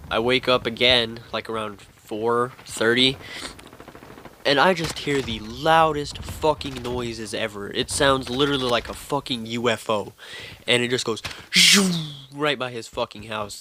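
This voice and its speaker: A man's voice: mid-range voice, bright, forceful tone, a little hiss or hum. A young man telling a spooky story to camera in a rambling, casual way, swearing constantly. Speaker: vlogger telling a scary story.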